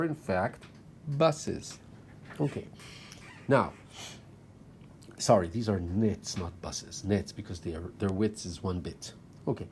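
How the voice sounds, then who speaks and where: A man's voice: fairly low pitch, a little mellow, slight background noise. A man lecturing at university level, explaining step by step as he talks through drawings on slides.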